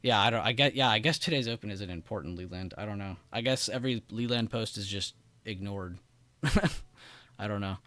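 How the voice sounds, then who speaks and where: Low-voiced man hosting a trading stream. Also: normal speed, sharp tone, no room sound. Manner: casual, chatty, laughs often, talks to chat directly. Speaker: trading livestream host. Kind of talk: live market commentary reading chat.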